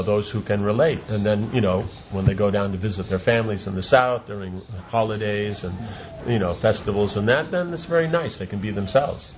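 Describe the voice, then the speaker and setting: In this informal religious talk, a male spiritual teacher with a lowish voice rambles on, repeating words and posing rhetorical questions. A little background noise can be heard.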